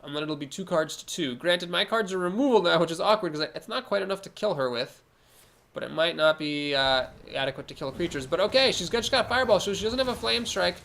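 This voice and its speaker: A man's voice: sits high, lively intonation, fast talker, creaky, a bit bright. A man with a cold, sounding nasal, talking through his card game moves aloud as a streamer. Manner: analytical, talks through each move aloud. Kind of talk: casual gameplay commentary.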